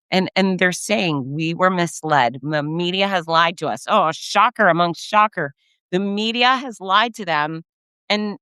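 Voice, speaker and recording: A middle-aged woman from the United States talks through a podcast monologue with real enthusiasm. Her voice is bright and crisply clear, and it is recorded close and dry with no room sound at all. She gushes and leaps upward in pitch whenever something delights her. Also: dry recording. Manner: gushing, effusive, jumps up in pitch when excited. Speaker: podcast host. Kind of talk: casual monologue.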